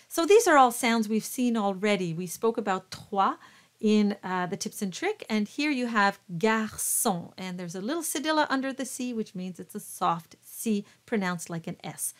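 A woman teaching choir diction, modelling words slowly and deliberately before explaining them. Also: medium pitch, expressive. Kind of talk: slow spoken diction lesson.

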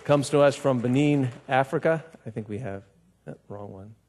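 A man's voice: medium pitch, moderate pace, a little mellow, a little hiss or hum. A man hosting a church service, casually welcoming visitors and introducing the next speaker, with fillers and restarts.

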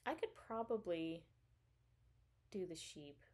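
A woman's voice: fairly low pitch, lively intonation, slow pace, darkish tone. A woman hosting a knitting podcast, chatting casually and enthusiastically, rambling a bit with fillers as she shows her purchases. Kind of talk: casual show-and-tell chat.

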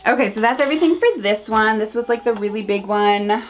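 A woman's voice: a little high, brisk. A woman in her thirties talks to camera from home in a chatty, gushing way, full of fillers and little asides. A faint hiss of noise sits behind her voice. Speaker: beauty vlogger. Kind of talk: casual haul review to camera.

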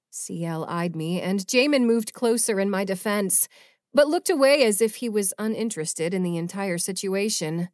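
A woman narrating a paranormal romance audiobook in first person, with a measured, expressive reading. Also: medium pitch, no echo, clean studio sound.

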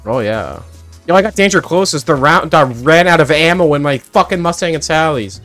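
A man hosting a casual gameplay chat, excitable and crude, breaking into shrieking outbursts. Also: on the high side, moderate pace, no room sound, faint music behind. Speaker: gaming channel host.

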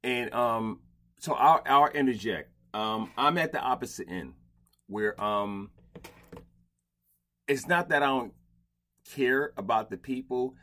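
A middle-aged man hosting a podcast from a blanket-padded closet, talking bluntly with lots of cursing and loud, animated outbursts. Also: medium pitch, takes it slowly, long pauses. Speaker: podcast host. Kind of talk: casual interview chat.

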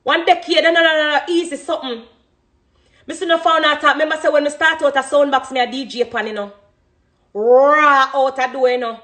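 A dancehall artist in her thirties, with a Jamaican accent, speaks quickly in a high-sitting, slightly bright voice. Her spontaneous talk about her career is emotional, passionate, emphatic, and full of gratitude.

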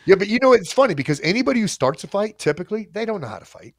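A man tells a story in a casual, animated way, swearing freely as he goes. His voice has a gravelly rasp. The sound is dry and close, with no room echo. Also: sits high, racing. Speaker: coach telling a story on a livestream.

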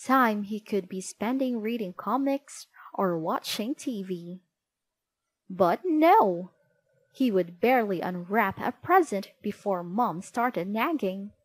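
A woman reading a children's storybook aloud in an expressive, clear way. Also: mid-range voice, slow, no room sound. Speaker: storybook reader. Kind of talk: children's book read-aloud.

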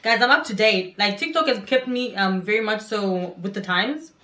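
A woman hosting a reaction video, chatting excitedly and repeating words in quick bursts. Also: medium pitch, background noise. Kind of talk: casual reaction commentary. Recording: echoey room with music behind. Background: music video playing.

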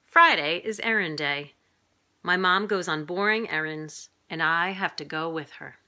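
A middle-aged woman reading a picture book aloud to young children in a lively way, jumping up in pitch for the characters' lines. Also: measured pace. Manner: lively, voices characters with big pitch jumps.

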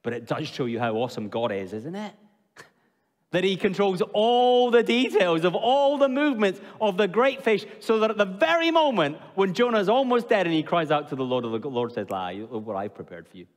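A male preacher with a high voice gives an expressive sermon. He puts questions to his listeners and sinks low and slow to stress a point. His voice rings with a long reverb through a church hall.

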